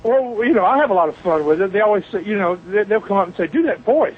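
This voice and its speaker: A man's voice: high voice, lively intonation, fast, narrow, tinny audio. A middle-aged man from Alabama with a Southern US accent, a guest telling boisterous, folksy stories in a phone interview. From Mobile, Alabama, US. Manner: joking, boisterous, folksy storyteller.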